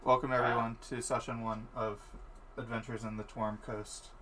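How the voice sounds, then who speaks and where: A man hosting and narrating a tabletop game as game master, playful and relaxed. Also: medium pitch, normal speed, a little hiss or hum.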